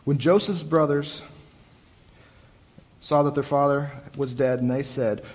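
Give me a young male youth pastor giving a chatty, lively sermon in a hall with a long reverb. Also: a little high. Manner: conversational, animated retelling with restarts. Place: church hall.

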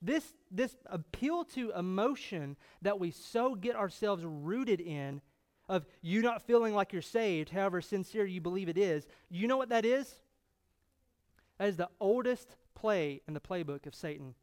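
A man's voice: high voice, lively intonation, measured pace. A man preaching a sermon as pastor, firing off rhetorical questions and building to fervent emphasis.

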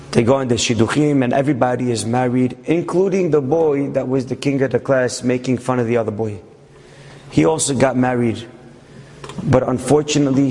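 Dramatic storytelling man in a reverberant hall. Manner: dramatic, swings from low hushed tones to loud raised peaks. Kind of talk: storytelling sermon.

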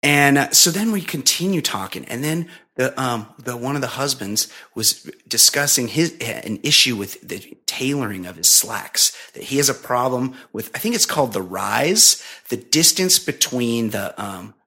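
Guy in his 40s ranting through a story on his podcast, swears a lot, mid pitched. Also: moderate pace, hardly any pauses, slightly rough. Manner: profane, animated storytelling. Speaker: podcast host. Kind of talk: casual chat.

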